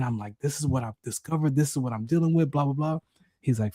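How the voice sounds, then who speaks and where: Here a podcast co-host talks fast as he shares a personal story with emotion, animatedly shouting the voices in his head in a high pitch. There's no room sound, and the quality is studio grade.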